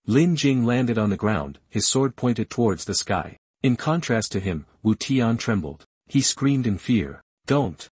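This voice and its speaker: A man narrating a comic recap in a steady, scripted storytelling manner. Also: on the low side, husky, dry recording.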